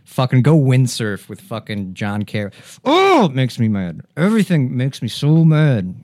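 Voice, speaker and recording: A man doing a comedic impression of a measured, halting male ex-president. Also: medium pitch, huge pitch swings, a little mellow, no room sound, clean studio sound. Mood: indignant. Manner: halting, drawn-out pauses.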